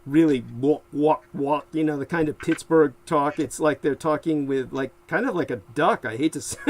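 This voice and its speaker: A man co-hosting a livestream in casual chat, talking haltingly with many restarts and frequent laughs. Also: on the high side, rough recording. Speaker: livestream co-host.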